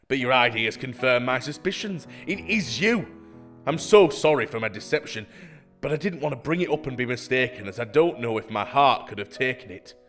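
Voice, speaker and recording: A man's voice: mid-range voice, expressive, fairly quick, a bit bright, close to an everyday voice. A man voicing a lovesick, melodramatic fake banker, reading over-the-top love letters over faint music. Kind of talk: reading bait emails aloud.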